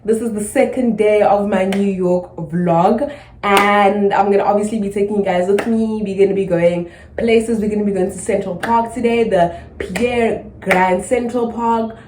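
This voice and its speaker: A woman's voice: medium pitch, steady tone, moderate pace, a little mellow, a little hiss or hum. A young woman, greeting viewers in an upbeat, chatty vlog intro. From South Africa. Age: young adult. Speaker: vlogger. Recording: echoey room, mic at a distance.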